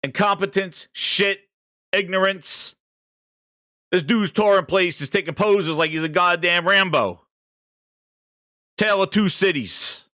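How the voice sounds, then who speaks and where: A man's voice: high voice, slow pace, pauses often, sharp tone, no echo, studio quality. A man streaming a profane, mocking rant about video games, mimicking the people he makes fun of. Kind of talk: ranting game commentary.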